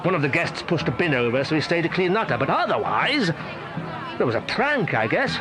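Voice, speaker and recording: Chatty warlock actor in a game; high, lively, mocking delivery over music. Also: male voice, fairly quick, crowd noise. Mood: gossipy. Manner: chatty, mocking, acts out quotes in funny voices. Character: cheeky gossipy male warlock actor at a theme park.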